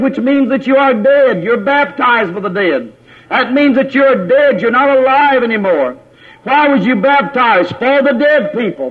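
High-voiced preacher, tinny recording. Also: male voice. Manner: repetitive, asks the congregation questions, calls on brothers by name. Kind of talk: sermon.

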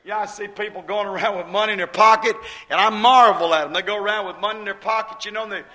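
A man's voice: sits high, fairly even intonation, fast, sharp tone, low-quality recording. A man preaching a sermon in a folksy, emphatic way, repeating his points with plain homespun speech.

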